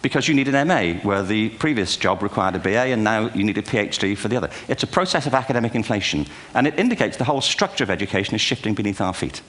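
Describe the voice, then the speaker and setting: A man's voice: lowish voice, expressive, rapid-fire, hardly any pauses, a bit bright. An older man giving a humorous keynote lecture to a live audience, full of wry, self-deprecating anecdotes and asides. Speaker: speaker giving a talk. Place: large auditorium before a live audience.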